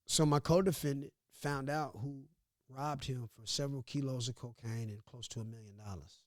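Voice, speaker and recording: A man from Missouri, a podcast guest, telling a story in a casual, animated, profane way and acting out what others said. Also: mid-range voice, normal speed, no echo, studio quality. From Grandview, Missouri. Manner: animated, profane, laughs often, acts out quotes.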